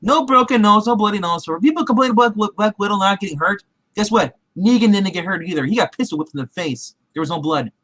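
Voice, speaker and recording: A male show recap host casually retells a TV episode in a high, animated, fast voice that's a bit bright, on a dry recording. He rambles with plenty of fillers and restarts, acting out the characters' lines as he goes.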